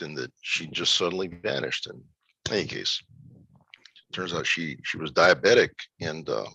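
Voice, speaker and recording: A middle-aged man telling a personal story of grief and recovery in a reflective, halting way. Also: low-pitched, vocal fry, pushed and bright, breathy edge, no room sound, rough recording. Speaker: guest sharing a personal story.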